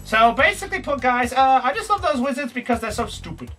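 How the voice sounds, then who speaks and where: A young man giving jokey, excitable let's play commentary, yelping and swearing as he plays. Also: very high voice, brisk, recorded from a distance. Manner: excitable, jokey, swears, bursts into yelps and shouts. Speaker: gaming YouTuber. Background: game music.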